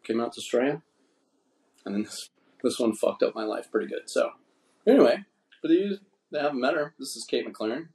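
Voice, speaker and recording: A man's voice: medium pitch, expressive, moderate pace, pauses often, a little mellow. A man hosting a casual podcast chat, rambling and swearing freely. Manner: profane, rambling, laid-back. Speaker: podcast host. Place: indoors, drinking wine.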